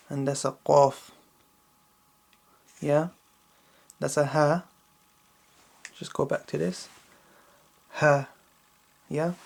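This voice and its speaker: A patient man teaches children slow Quran recitation, repeating each verse several times and checking in with a questioning "yeah?". His voice is gravelly and on the high side.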